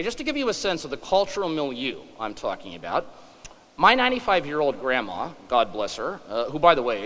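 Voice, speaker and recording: Middle-aged male conference speaker, joking and emphatic, in a reverberant hall. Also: medium pitch. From western Kansas, USA. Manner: animated, joking, emphatic asides. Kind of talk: humorous storytelling speech. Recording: echoey hall.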